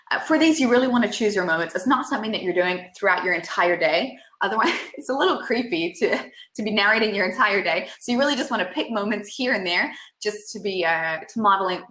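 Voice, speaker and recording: A woman speech and language therapist talks parents through a webinar at an ordinary pitch. She explains clearly and now and then jumps into playful sound effects. Her webcam mic picks up an echoey room. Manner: demonstrates playful sound effects in a high excited voice. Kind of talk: webinar presentation.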